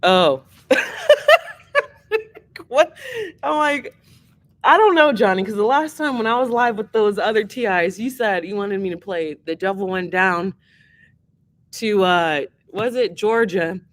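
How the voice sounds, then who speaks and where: A woman's voice: mid-range voice, measured pace, pauses often. A woman hosting a livestream and taking song requests, talking in a rambling, earnest way and swearing freely. She is emotional and teary-eyed. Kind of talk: casual livestream chat.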